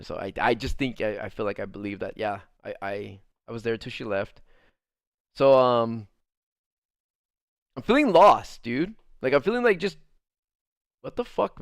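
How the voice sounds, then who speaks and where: A man's voice: mid-range voice, a bit bright, smooth, no room sound, clean studio sound. A young man telling a rambling story in casual chat, full of fillers and swearing, laughing at the funny parts. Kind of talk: casual storytelling over gameplay.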